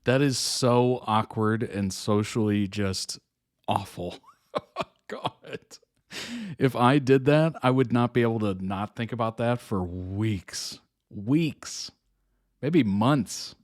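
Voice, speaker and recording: A man hosting a reaction video, adding chatty, relaxed asides. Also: lowish voice, slow pace. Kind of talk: casual reaction commentary.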